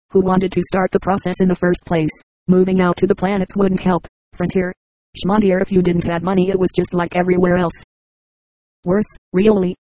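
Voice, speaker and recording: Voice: mid-range voice, warm tone, dry recording, rough recording. A text-to-speech narrator reading a science fiction novel, voicing symbols and numbers aloud literally. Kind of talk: scripted audiobook narration.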